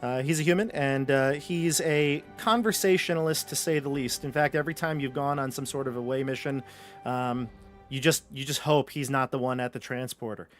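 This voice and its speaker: A man's voice: medium pitch, moderate pace, soft background music. A man running a tabletop game as game master, narrating in a loose, conversational way with frequent fillers and restarts.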